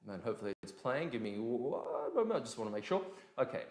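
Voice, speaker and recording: A man gives a casual, energetic dance lesson at a middle pitch. He counts out beats and says "boom" on each one. His voice echoes around the room. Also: fast. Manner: energetic, demonstrates beats with sound words. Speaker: dance teacher. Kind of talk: live-streamed dance lesson, casual explaining.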